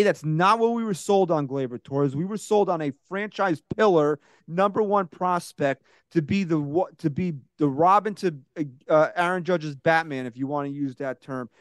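A sports podcast host with a fairly high, dry-sounding voice, talking fast and casually. He swears freely and works himself into loud, heated rants about players. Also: dry recording. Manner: profane, ranting, gets loud and heated.

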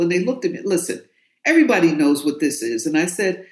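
A woman's voice: fairly low pitch, big pitch swings, a little fast. A woman from New York, an author and guest in an interview, telling her story in a forthright, emphatic way. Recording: roomy echo.

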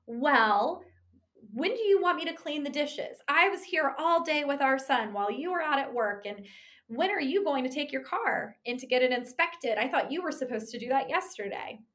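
Indignant husband pushing back, as a woman acts him out. Keep it close to her own voice, with raised pitch. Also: expressive, moderate pace, a bit bright. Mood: defensive. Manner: indignant, counter-accusing. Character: defensive husband, man, adult, irritated.

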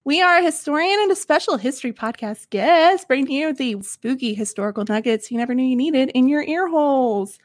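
A woman's voice: sits high, lively intonation, fairly quick, hardly any pauses, no room sound, studio quality. A woman from the Ozarks hosting a casual history podcast, bubbly and gushing. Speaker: podcast host.

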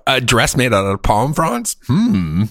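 A man's voice: medium pitch, huge pitch swings, takes it slowly, fairly bright tone, no echo. A man hosting a podcast, joking and self-deprecating in casual chat from a home studio. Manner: joking, self-deprecating, drawls a mock artist catchphrase. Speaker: podcast host.

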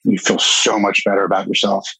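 A man's voice: low voice, little pitch movement, brisk, vocal fry, pushed and bright, husky, no echo, rough recording. A man from Baltimore, a guest in an interview, talking candidly and earnestly, now and then swearing in a casual way. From Baltimore, Maryland.

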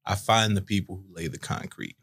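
A man's voice: low voice, big pitch swings, a little fast, vocal fry, fairly bright tone, breathy edge. A man in his thirties co-hosting a casual podcast, explaining his points with analogies. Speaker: podcast co-host. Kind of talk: casual chat.

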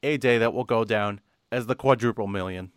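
Young guy cohosting a podcast, rambly, kinda loose, slow on the numbers. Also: lowish voice, smooth, no room sound, clean studio sound. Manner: rambling with fillers and restarts, reads numbers out slowly. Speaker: podcast co-host. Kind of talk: casual podcast chat.

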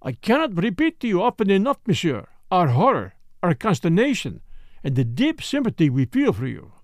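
A man's voice: high-pitched, wildly swooping pitch, moderate pace, a little mellow, no echo, studio quality. A man voicing an effusive, formal French male magistrate in an audiobook. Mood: sympathetic.

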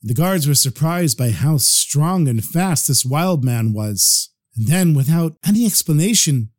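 A man telling a parable as a storyteller, in an animated, expressive way. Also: a little high, unhurried.

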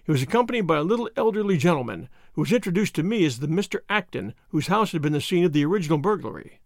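A man narrating a detective story in an animated, dramatic reading. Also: a little high, very fast, dry recording, studio quality. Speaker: audiobook narrator.

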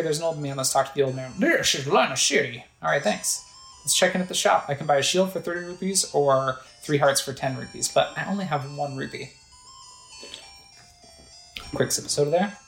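A game player casually narrating gameplay in a rambling, conversational way. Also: medium pitch. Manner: rambling, conversational, filler-heavy. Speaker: let's play narrator. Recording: echoey room with faint music.

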